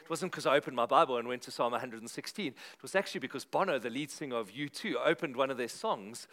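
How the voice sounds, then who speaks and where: A middle-aged pastor delivers a sermon in a lively, conversational style, hammering home his points with emphatic repetition. He speaks fast in a mid-range voice.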